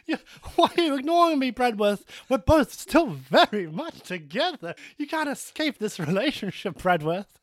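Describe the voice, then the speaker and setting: A man's voice: extremely high pitch, very animated, moderate pace, no room sound, voice pushed up. A man with a New Zealand accent voicing the whiny, clingy ghost of a dead wife. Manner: whiny, insistent.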